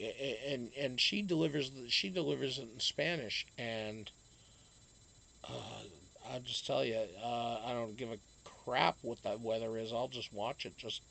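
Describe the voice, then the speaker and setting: Slow, gravelly man chatting on a stream. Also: medium pitch, a bit bright, rough recording. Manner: rambling, jokey, swears, talks to chat by name. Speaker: live-stream host reading chat. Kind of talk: casual live-stream chat.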